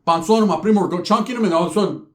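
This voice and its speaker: A man's voice: sits high, racing, roomy sound. A middle-aged man telling a story in casual street slang, with lots of cursing and a habit of asking "right?". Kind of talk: casual storytelling with acted quotes.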